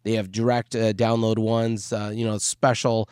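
A man co-hosting a casual podcast chat, joking around and often pausing to search for words with fillers. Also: on the low side, level tone, darkish tone, smooth, dry recording, studio quality. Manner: jokey, hesitant, searches for words with many fillers. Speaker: podcast co-host.

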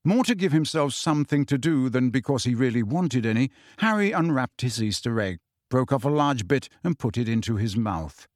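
A man narrating a novel in measured, deliberate audiobook style. His voice sits at a middle pitch and the recording is dry and close, with no room sound. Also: animated, no room sound. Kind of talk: scripted narration.

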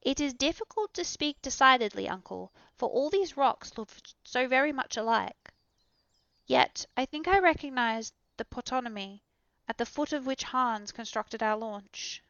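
A woman's voice: high-pitched, animated, normal speed, fairly bright tone, dry recording, voice pushed up. A woman reading aloud, voicing an eager, curious young male explorer who speaks in earnest exclamations. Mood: doubtful. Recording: dull, dry recording.

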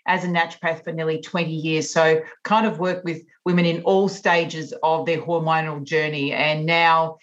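A woman's voice: low-pitched, flat delivery, normal speed, few pauses. A woman in her fifties with an Australian accent, a naturopath guest explaining things in a podcast interview. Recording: dull lo-fi remote audio.

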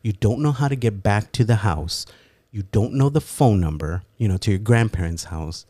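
A man voicing a calm, stern male immigration officer in a low, measured, matter-of-fact way. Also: dry recording, clean studio sound.

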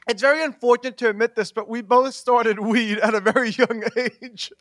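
A man's voice: very high-pitched, steady tone, normal speed, a bit bright, dry recording. A young man co-hosting a podcast, rambling and giggly with lots of fillers. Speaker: podcast co-host. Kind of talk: casual chat.

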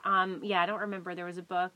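A woman in casual conversation, telling a shared story in a lively way with frequent laughter. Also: fairly low pitch, quick pace.

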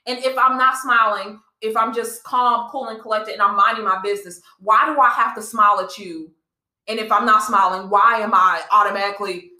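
Passionate, bright-voiced woman podcaster. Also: mid-range voice, fairly even intonation, brisk. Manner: passionate, emphatic, repeats herself. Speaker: podcast co-host. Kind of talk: casual chat. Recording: echoey room.

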